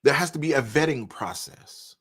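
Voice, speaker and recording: A man's voice: medium pitch, moderate pace, a bit bright, husky. Male live-stream host, casual reaction commentary with a preachy streak. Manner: conversational, preachy asides, laughs between points.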